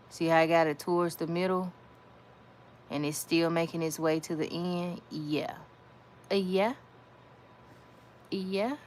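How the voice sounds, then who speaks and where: Woman, nail tutorial, slow unhurried delivery, lower voice, faint background hiss. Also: darkish tone. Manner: chatty, repeats phrases, talks to viewers as y'all. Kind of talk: casual nail art tutorial.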